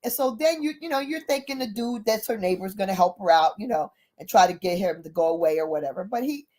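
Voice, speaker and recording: A woman retelling a story in a casual, chatty, animated way. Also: medium pitch, quick pace. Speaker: speaker.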